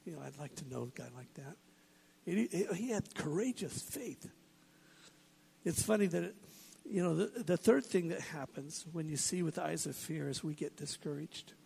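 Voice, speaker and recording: A man's voice: fairly high pitch, expressive, normal speed, gravelly, a little mellow, slightly rough. A man preaching a sermon as a pastor, earnest and building to emphatic points.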